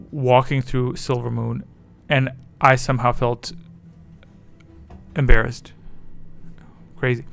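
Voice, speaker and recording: A man's voice: medium pitch, creaky, clear, resonant tone. A man chatting casually on his livestream, rambling and self-deprecating as his thoughts wander. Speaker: streamer.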